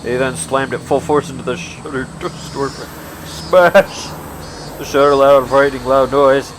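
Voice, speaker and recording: A man hosting a let's play, reading a visual novel aloud with animated laughing asides and swearing, with traffic noise behind. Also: mid-range voice, a little slow.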